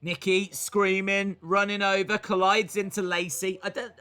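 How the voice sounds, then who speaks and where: A man's voice: high voice, level tone, moderate pace, bright, forceful tone, smooth. A man casually reacting to wrestling live, joking, rambling and acting out silly voices.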